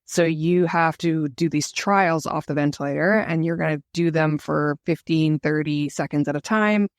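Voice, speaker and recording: A Canadian woman, a guest in an interview, tells her own story in an earnest, emotional, reflective way. Her voice sits low and her pace is moderate, recorded with clean studio sound and no echo.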